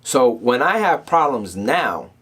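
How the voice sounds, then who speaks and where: A man's voice: medium pitch, takes it slowly, breathy edge. A man hosting a casual motivational talk, telling stories in a loose, streetwise way and often checking in with "right?". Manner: streetwise, animated storytelling with frequent "right?". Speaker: motivational podcast host.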